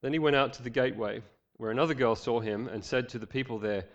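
A man's voice: medium pitch, a little fast, hardly any pauses, a bit bright, lo-fi sound. A male pastor preaching a sermon, reading scripture with voiced quotes and joking asides.

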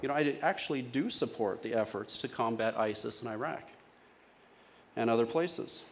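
A man's voice: medium pitch, moderate pace, a little hiss or hum. Man, preacher, mid-range voice, chatty sermon, questions to the congregation. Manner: conversational, asks the congregation questions. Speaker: pastor.

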